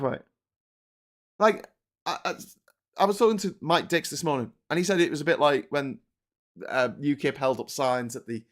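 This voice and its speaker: Angry, sweary Liverpool-accented man ranting. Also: medium pitch. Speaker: political commentary host. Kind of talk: live-streamed political rant.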